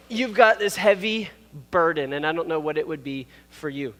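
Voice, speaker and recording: A man's voice: on the high side, animated, moderate pace, a bit bright, long reverb tail. A man in his thirties, a pastor giving a casual, playful youth sermon on stage with a microphone. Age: 30s. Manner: casual and playful, with asides and laughs. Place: stage in a church hall. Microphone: wearing a microphone.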